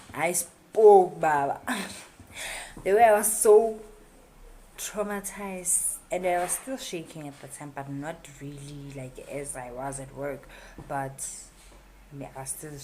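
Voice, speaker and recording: A woman's voice: low voice, background noise. A young South African woman with a South African accent, telling a story in a chatty way full of slang and fillers. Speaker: YouTuber. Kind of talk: casual storytime. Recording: music playing behind.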